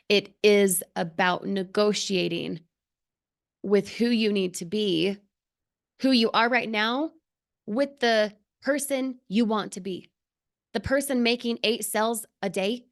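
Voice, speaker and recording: A woman leading a live motivational training for her team, speaking earnestly and emphatically with lots of rhetorical questions. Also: mid-range voice. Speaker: team leader.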